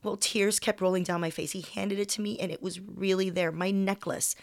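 A woman's voice: medium pitch, fairly even intonation, normal speed, no echo. A young woman comedian reading a personal story aloud in a candid, conversational way, all in one take.

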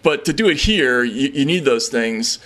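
A man co-hosting a political talk show. His delivery is earnest and worried, full of halting restarts and repeated words as he works through his thoughts. His pitch sits in a plain middle range. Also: animated, a bit bright. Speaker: podcast co-host. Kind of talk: casual political chat.

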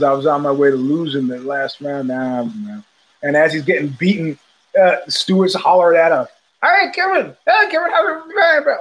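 A man's voice: on the high side, muffled recording. Rambling older man telling stories. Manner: rambling, acts out quoted voices. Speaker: podcast host. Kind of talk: casual storytelling chat.

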